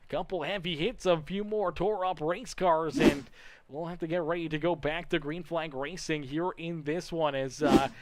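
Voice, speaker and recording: A man calling sim racing play-by-play for a league stream, with excitable calls that rise loud on passes and flags. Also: on the high side, normal speed. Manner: chatty aside reading viewer comments. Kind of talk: play-by-play commentary.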